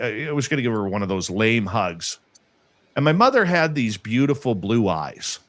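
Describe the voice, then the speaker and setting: A man with a fairly low voice tells a personal story in an earnest, halting way, often breaking off and starting his sentences again. The sound is dry and close. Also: a bit bright, no echo. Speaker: guest telling a personal paranormal story. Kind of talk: casual storytelling.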